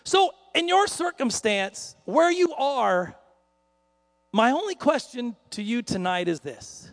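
A man preaching a sermon in a joking, conversational way that builds to loud dramatic peaks. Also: very high voice, big pitch swings, takes it slowly, in a large hall.

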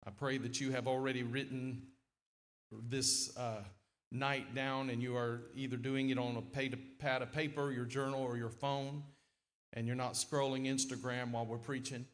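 A middle-aged man preaching a sermon in a church, folksy and lively, with sudden loud, emphatic swells. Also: mid-range voice, normal speed. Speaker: guest preacher. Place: church sanctuary.

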